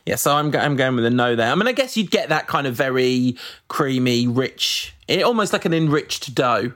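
A man's voice: mid-range voice, animated, moderate pace, a bit bright. A man hosting a casual football podcast, reading out listener questions with wry asides. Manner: chatty, wry, reads out listener messages with asides.

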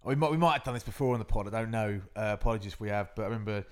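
A man co-hosting a podcast, telling a story in an animated way with frequent laughter. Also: lowish voice, rapid-fire, clear, resonant tone. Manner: animated, laughing as he tells stories. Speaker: podcast co-host. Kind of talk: casual storytelling chat.

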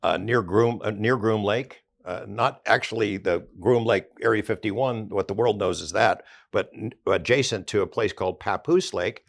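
A man's voice: lowish voice, moderate pace, vocal fry, few pauses. An older man, an investigative journalist, recounting past events conversationally in a podcast interview.

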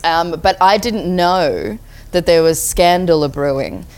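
A woman's voice: on the low side, lively intonation, a little slow, darkish tone. An Australian woman co-hosting a casual podcast, upbeat and teasing. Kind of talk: casual chat.

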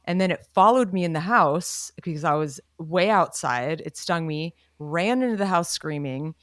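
Low-voiced woman co-host. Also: expressive, normal speed, no room sound, studio quality. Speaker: podcast co-host. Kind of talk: casual chat.

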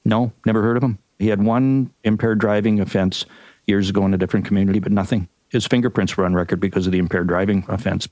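An older man with a Canadian accent, a retired detective telling a case in a measured, methodical way on a podcast. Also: fairly low pitch, fairly even intonation, darkish tone, no room sound. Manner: measured, methodical recounting with occasional ums. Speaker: retired detective and crime writer, guest. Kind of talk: podcast interview storytelling.

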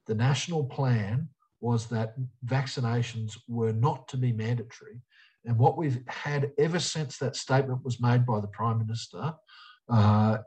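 Aussie guy politician in an interview, punchy repeated lines, mid pitch. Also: darkish tone, low-quality recording. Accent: Australian. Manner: emphatic, repeats punchy slogans. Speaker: politician guest. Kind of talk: interview answers.

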